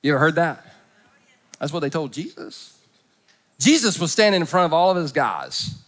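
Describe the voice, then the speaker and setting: A middle-aged male pastor giving a humorous sermon at a church service, storytelling with comic impressions and swinging from soft to loud. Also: a little high, animated, moderate pace.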